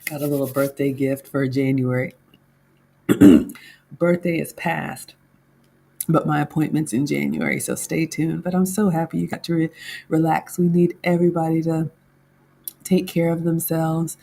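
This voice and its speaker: A woman's voice: deep voice, fairly even intonation, unhurried, gravelly, warm tone, husky. A woman home cook in her kitchen, chatting casually to her viewers as her "class" while she reviews a baking class.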